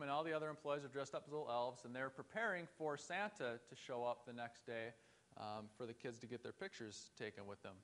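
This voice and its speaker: A man preaches a sermon in a church, his voice sitting a little high for a man. He talks in an earnest, conversational way and turns to his listeners with rhetorical questions. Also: a bit bright. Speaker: pastor.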